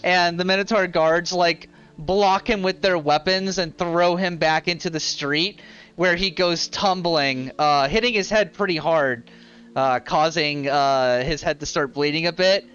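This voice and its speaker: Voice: medium pitch, measured pace, a bit bright, smooth, muffled recording. A game master narrating a tabletop game in a casual, rambling way full of fillers. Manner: casual, filler-heavy storytelling. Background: ambient fantasy music.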